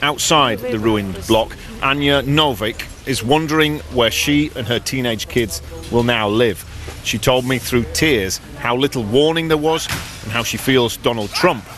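A man reporting from the field as a news correspondent, measured and sombre. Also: medium pitch, a bit bright.

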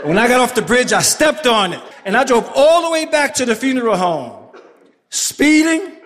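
A man with a Bronx accent tells a comic story live on stage, with a voice pitched very high for a man. He is animated, bursting into shouts for effect. His voice carries into a long, ringing hall reverb. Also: a little fast. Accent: New York, Bronx.

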